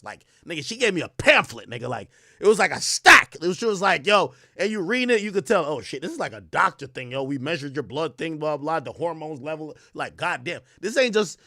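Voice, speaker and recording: A young man tells a rambling personal story on a podcast, animated and profane. He quotes other people in his own voice. His voice sits fairly high and sounds dry and close, with little room echo. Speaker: podcast host. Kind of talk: casual storytelling.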